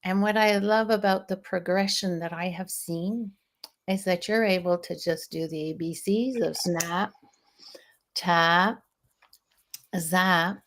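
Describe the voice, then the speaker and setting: A woman hosting a live session as a stress management coach, speaking in a slow, soothing, guiding way with some softly breathed phrases. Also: on the low side, fairly even intonation.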